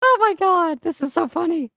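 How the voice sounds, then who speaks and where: A woman's voice: extremely high pitch, animated, moderate pace, gravelly, sharp tone, no room sound, clean studio sound. A woman co-hosting a commentary show who reacts with giggles and disbelief. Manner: giggly, incredulous. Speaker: co-host.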